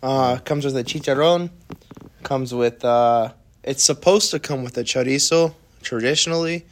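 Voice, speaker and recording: A young man hosting a podcast in a relaxed, chatty way. He tells a rambling story and slips into quoted voices of himself along the way. His voice sits at an ordinary middle pitch. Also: moderate pace. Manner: animated storyteller, acts out his own quotes. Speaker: podcast host. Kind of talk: casual chat.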